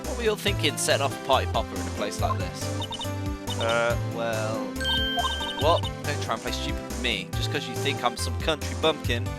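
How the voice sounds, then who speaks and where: A brash, feisty Southern woman, as a man puts her on drawls away in a blustering, folksy way. Her voice rides high above his own, over loud game music. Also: lightly acted. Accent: American Southern put-on.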